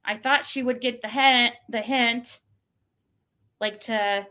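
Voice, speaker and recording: Slow and steady, pausing often, a woman with a pushed, bright voice rants on a casual livestream of her own channel. She's exasperated, venting about the messages she got and mimicking them in a shrill, mocking tone.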